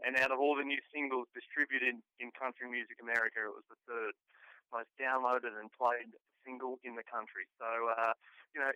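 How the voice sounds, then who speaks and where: Australian male singer, easygoing interview guest, crisp and resonant. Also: medium pitch, dry recording, muffled recording. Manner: relaxed, laid-back, uses local slang. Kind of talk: casual interview chat.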